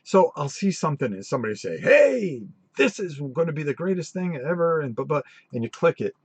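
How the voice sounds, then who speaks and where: During a live-stream chat, a middle-aged man who hosts a tabletop gaming channel spins rambling, animated stories, restarting often. His husky voice is on the high side and a little fast, with no room sound.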